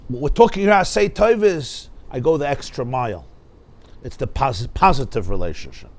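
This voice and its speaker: A man's voice: mid-range voice, lively intonation, normal speed. A rabbi teaching a Torah class, asking rhetorical questions and mixing Hebrew and Yiddish terms into his English.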